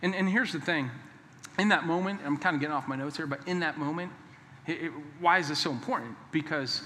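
A man's voice: on the high side, brisk, pushed and bright, slight background noise. A male pastor preaching a sermon in a church, emphatic and repetitive, with playful joking asides. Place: church sanctuary. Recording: long reverb of a large hall.

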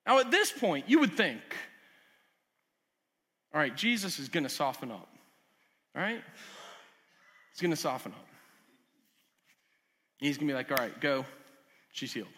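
A man preaching a sermon as pastor, swinging from loud urgent emphasis to quiet lowered asides. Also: very animated, measured pace, long pauses, slight background noise. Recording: long hall reverb.

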